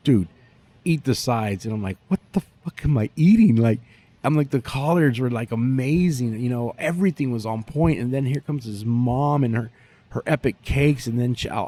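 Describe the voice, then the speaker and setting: A man, a barbecue pitmaster telling stories in a profane, animated way during a casual interview. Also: fairly low pitch, slightly rough.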